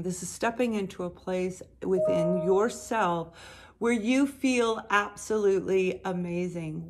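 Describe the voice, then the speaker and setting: A woman giving a chatty tarot reading straight to her viewers, talking lively and directly to them. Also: fairly low pitch. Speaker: tarot reader.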